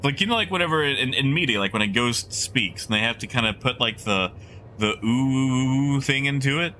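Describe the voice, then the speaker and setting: A male game streamer talking casually to his live chat. He rambles and thinks out loud, and his voice swings up and down freely. The tone is bright and forward. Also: medium pitch, lively intonation, brisk, a little hiss or hum. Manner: rambling, chatty, musing aloud to chat.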